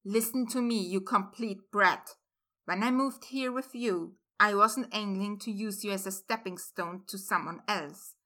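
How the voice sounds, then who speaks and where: A woman reading a story aloud, voicing an intense adult man who speaks to his lover in low, murmuring tones. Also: unhurried, pushed and bright. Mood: fierce. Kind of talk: reading fan fiction aloud.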